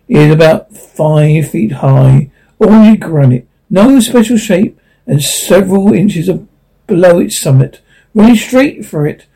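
A man's voice: sits high, creaky, mellow, slightly rough, low-quality recording. A man reading a science fiction story aloud, stumbling and correcting himself as he goes. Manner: unpolished reading with frequent stumbles and self-corrections. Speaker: narrator. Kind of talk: audiobook reading.

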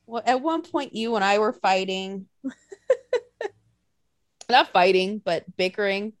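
A woman's voice: mid-range voice, takes it slowly, no echo. A woman co-hosting a casual chat, telling stories with lots of swearing and acted-out quotes. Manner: animated storytelling, swears a lot, acts out quotes.

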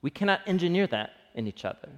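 A man's voice: a little high, big pitch swings, fast talker, a bit bright. A man giving a conversational sermon, acting out the lines he quotes. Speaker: pastor. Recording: long hall reverb.

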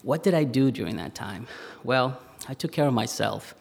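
New guy in his 40s telling a story on stage, gravelly voice, long hall reverb. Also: mid-range voice, lively intonation. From Spanish Harlem, New York. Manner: conversational, with pauses and fillers. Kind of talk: live personal storytelling. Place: stage in a museum hall, live audience.

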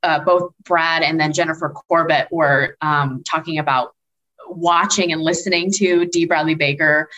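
A woman's voice: low-pitched, fairly even intonation, moderate pace, fairly bright tone, muffled recording. A woman chatting casually as a podcast panelist, rambling and heavy on filler words. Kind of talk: casual chat.

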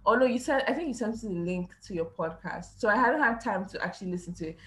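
A young woman hosting a podcast, chatting casually and acting out quotes in an animated way. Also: mid-range voice, fast talker, a little hiss or hum. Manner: animated storyteller, acts out quotes, laughs often. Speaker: podcast host. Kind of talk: casual chat.

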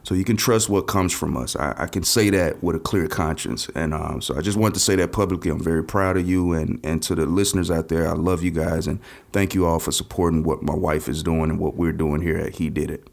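Casting: deep, gravelly man, sincere podcast guest, hesitant with fillers. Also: fairly even intonation. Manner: heartfelt, halting with many fillers. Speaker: podcast guest, host's husband. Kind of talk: casual podcast interview.

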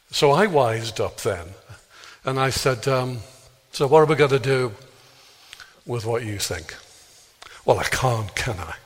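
An Englishman telling a story in a sermon and acting out the dialogue, jumping up high for exclamations and dropping low for quiet asides. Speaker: speaker leading a healing prayer talk. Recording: long reverb of a large hall.

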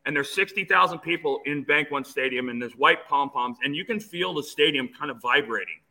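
Man, 50s, interview guest; bright, strained timbre, slightly raised pitch, eager storyteller who trips over his own starts. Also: brisk, poor audio. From Phoenix, USA. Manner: animated storyteller with many restarts. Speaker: interview guest, former player.

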